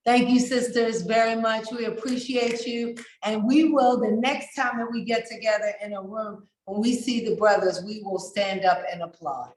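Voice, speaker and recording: A woman's voice: a little high, steady tone, normal speed, hardly any pauses, darkish tone, echoey room, slight background noise, poor audio. A woman moderating a panel, chatty and loose, with frequent restarts. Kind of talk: casual moderating on a virtual panel.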